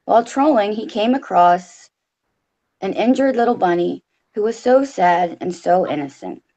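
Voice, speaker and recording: A woman's voice: mid-range voice, lively intonation, normal speed, warm tone, poor audio. A woman co-host reading a story aloud in a casual, blunt way, swearing freely.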